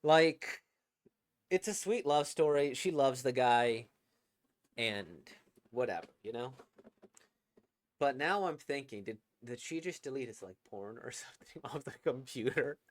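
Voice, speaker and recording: A man's voice: mid-range voice, lively intonation, a little slow, pauses often. A man giving casual, rambling commentary on a game, with laughing asides. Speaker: game reaction host.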